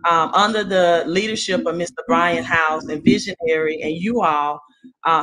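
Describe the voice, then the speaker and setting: A woman with a Southern accent giving an earnest, motivational testimonial on a group call, with many pauses and "right?"s. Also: lowish voice, fairly bright tone. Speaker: guest speaker.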